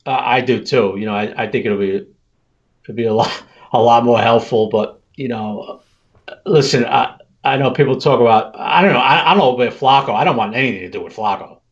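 A man's voice: medium pitch, fairly quick, muffled recording. A man co-hosting a sports podcast, talking frankly and casually with lots of "you know". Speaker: podcast co-host.

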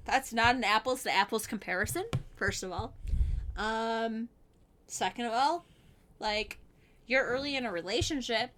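A woman's voice: on the high side, normal speed, a bit bright, slight background noise. A woman co-hosting a casual advice podcast, talking bluntly and frankly and swearing freely. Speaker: podcast co-host.

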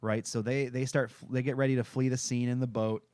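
A man's voice: mid-range voice, flat delivery, fairly quick, dark tone, dry recording. Guy recapping a tv episode on a podcast, laughs a lot, crude jokes, dry close mic. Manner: joking, laughs often, crude humor. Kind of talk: casual profane chat.

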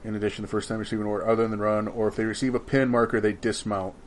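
A man's voice: fairly low pitch, level tone, rapid-fire. Joking man reading wargame rules. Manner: jokey, swears, stumbles over foreign words. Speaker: podcast co-host. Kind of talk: casual chat, reading game rules aloud.

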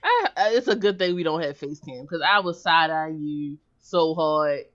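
A woman co-hosting a podcast, chatting casually about a TV episode in a relaxed, laid-back way. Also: low-pitched, moderate pace. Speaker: podcast co-host. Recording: dull lo-fi audio.

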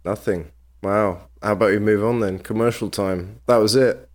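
A man's voice: fairly low pitch, fairly even intonation, moderate pace. A man co-hosting a podcast, speaking in a dry, teasing way. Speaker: podcast co-host. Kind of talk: casual podcast chat.

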